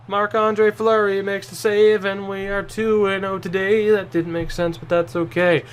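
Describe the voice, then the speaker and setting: A man giving casual commentary over his own video game match, tired and sarcastic, breaking into sudden excited outbursts. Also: high voice, moderate pace, few pauses. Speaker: gaming YouTuber.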